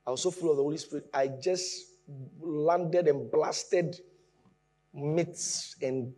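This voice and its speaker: A man preaching a sermon, explaining with lively emphasis that rises from quiet asides to raised points. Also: a little high, moderate pace.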